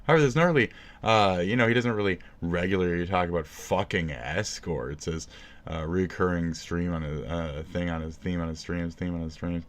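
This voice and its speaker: A man's voice: low-pitched, moderate pace. A man giving rambling, sarcastic commentary about another streamer, cursing constantly and recording himself on his phone. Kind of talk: profane ranting commentary.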